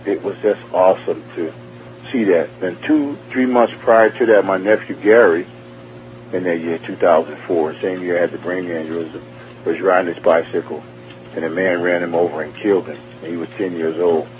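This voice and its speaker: A male guest gives an emotional, earnest account of nearly dying, frequently repeating himself and starting over. He speaks at normal speed in a low, steady voice, heard through a tinny phone line with faint hum.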